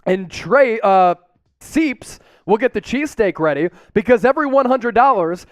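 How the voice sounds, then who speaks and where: A man hosting a fan watch-party stream, calling plays and reading out chat shout-outs with hyped cheers. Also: high voice, expressive, moderate pace, dry recording, clean studio sound.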